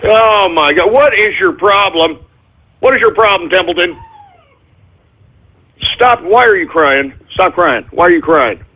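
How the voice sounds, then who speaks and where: A man's voice: sits high, expressive, measured pace, pauses often. A man hosting his own talk radio show, rambling in a comic monologue and breaking off to scold his crew and his dog in exasperation. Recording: phone-like narrow-band audio.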